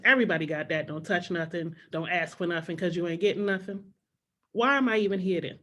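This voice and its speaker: Animated woman doing stand-up. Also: fairly low pitch, a little fast. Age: middle-aged. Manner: animated storytelling, acts out her mother and child self. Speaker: stand-up comedian. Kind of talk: stand-up comedy set. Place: comedy club stage.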